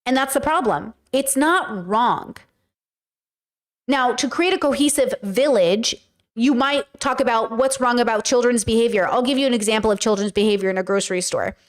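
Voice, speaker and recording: A woman's voice: a little high, moderate pace. A woman streaming casual commentary, talking bluntly and with profanity as she tells stories with animation.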